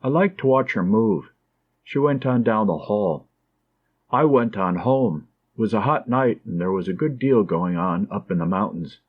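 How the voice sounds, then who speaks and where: Calm male audiobook narrator, muffled sound. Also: on the low side, normal speed.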